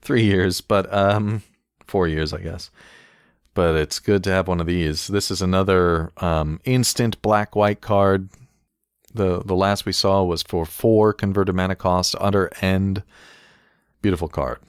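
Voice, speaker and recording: A man's voice: deep voice, fairly even intonation, unhurried, clean tone, no echo, clean studio sound. A man co-hosting a casual podcast, reviewing game cards in a wry tone, laughing often and reading card text aloud. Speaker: podcast co-host.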